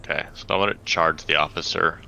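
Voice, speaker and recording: A man's voice: extremely low pitch, steady tone, fast talker, gravelly, bright, forceful tone, dull audio, slight background noise. A man taking part as a player in a tabletop game, laid-back and playful. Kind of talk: casual tabletop play.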